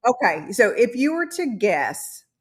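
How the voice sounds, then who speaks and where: A woman's voice: fairly high pitch, very animated, measured pace. A woman with a Southern American accent co-hosting a live stream in casual chat, telling chatty stories and acting out quotes. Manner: chatty storyteller, acts out quotes.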